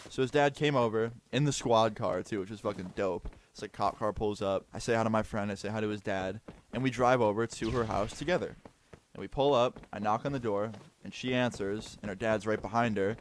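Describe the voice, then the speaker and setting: A young man casually recounting a personal story as a vlogger, chatty and animated with lots of "like" fillers. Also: lowish voice, brisk, slight background noise.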